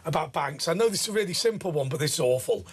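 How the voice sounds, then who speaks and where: Excitable husky high-voiced man. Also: racing. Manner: excitable, repetitive storyteller. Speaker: co-host of a talk show. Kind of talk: casual studio chat.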